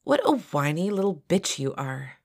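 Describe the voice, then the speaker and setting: A woman voicing a bossy young sorority sister who gives orders briskly, in an audio story. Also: sits low, very animated, exaggerated voice. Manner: brisk, commanding.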